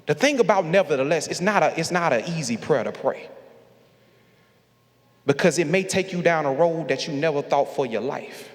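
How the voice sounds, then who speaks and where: A man's voice: fairly high pitch, lively intonation, moderate pace. A man preaching a sermon in a large church sanctuary, speaking in a rhythmic, repeating style and calling on the congregation to answer him. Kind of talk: call-and-response sermon. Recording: long hall reverb from the sanctuary.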